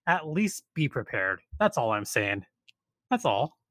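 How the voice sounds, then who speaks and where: A man casually telling a story, animated and exasperated, acting out the people he quotes. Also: medium pitch, a little slow, no echo.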